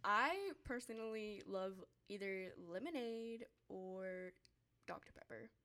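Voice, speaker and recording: A woman's voice: medium pitch, slow pace, bright, forceful tone. A teenage girl with a Southern US accent, leading a casual group chat and giggling often. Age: teen. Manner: giggly, chatty, Southern turns of phrase.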